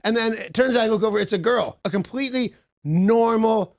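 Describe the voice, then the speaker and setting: A man's voice: brisk, no room sound, clean studio sound. A man hosting a radio show, telling a story with lots of energy, laughing at himself and acting out every quote in a jumpy voice. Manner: excitable, self-mocking, acts out quotes with big pitch jumps. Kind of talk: animated storytelling chat.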